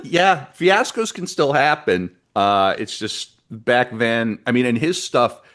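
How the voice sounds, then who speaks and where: A man's voice: mid-range voice, expressive, slow pace, a bit bright. A man co-hosting a history podcast, telling the story in a chatty, rambling way with asides and bits read from his notes. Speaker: podcast co-host presenting the history. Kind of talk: casual history podcast narration.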